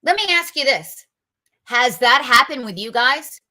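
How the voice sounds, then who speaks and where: A woman's voice: sits high, animated, measured pace, sharp tone. A woman hosting a political show, giving combative, emphatic commentary full of rhetorical questions. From North Carolina, US.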